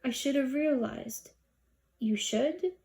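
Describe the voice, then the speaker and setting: A woman's voice: high-pitched, lively intonation, takes it slowly, darkish tone, pitched above the performer's own voice, full character voice. Woman reading as a scatterbrained mother, fussy, caring, bustling, near her own voice. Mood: gentle. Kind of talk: audiobook reading.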